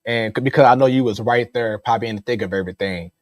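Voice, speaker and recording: A man's voice: medium pitch, quick pace, no room sound. A man hosting a casual sports talk show who asks his guest questions in a conversational way.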